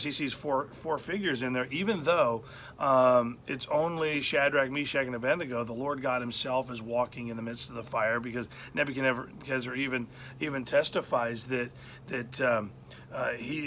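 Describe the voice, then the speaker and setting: A man's voice: mid-range voice, bright, forceful tone, slight background noise. A man preaching a sermon as pastor, retelling a Bible story in a conversational way with frequent fillers and restarts.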